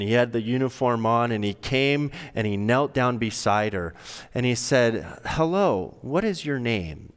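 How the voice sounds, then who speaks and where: Middle-aged man, pastor's sermon, smooth resonant voice, long hall echo, conversational storytelling. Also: medium pitch. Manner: conversational storytelling with shifting emphasis.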